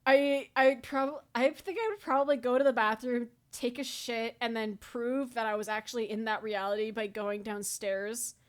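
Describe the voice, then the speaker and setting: A young woman co-hosting a podcast in casual chat, firing back quick wisecracks and swearing casually. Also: fairly high pitch, steady tone. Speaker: podcast co-host.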